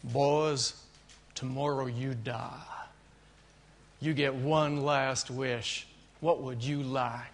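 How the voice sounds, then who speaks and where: A man voicing a stern male Texas prison jailer, speaking slowly and deliberately in a lowered voice. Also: steady tone, vocal fry, full character voice.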